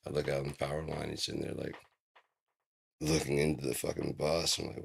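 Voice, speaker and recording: A man's voice: rumbling low, level tone, a little fast, gravelly, breathy edge. A man vlogging in a rambling, profane, casual monologue, telling stories and putting on silly voices.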